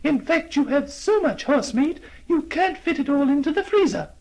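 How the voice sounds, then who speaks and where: A man voicing a cranky, hard-of-hearing old woman customer with a shrill, indignant voice in a storybook. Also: lively intonation, moderate pace, gravelly, darkish tone, heavily acted. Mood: triumphant.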